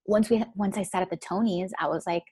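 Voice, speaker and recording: A young woman recounts a personal story in an easy, chatty flow, with "like" in nearly every phrase. Her voice sits at an ordinary middle pitch. The recording is dry and close, with almost no room sound. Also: fairly even intonation, a little fast, warm tone, breathy edge, dry recording. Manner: chatty, fills speech with "like". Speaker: guest.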